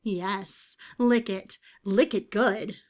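A woman's voice: mid-range voice, fairly even intonation, extremely slow. A woman voicing a thrifty, exasperated witch who talks dry and patient.

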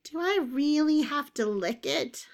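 A woman voicing a cheeky half-human, half-bird woman with a gravelly, rasping voice and a needling, whiny manner. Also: sits high, animated, measured pace, pitched above the performer's own voice, exaggerated voice.

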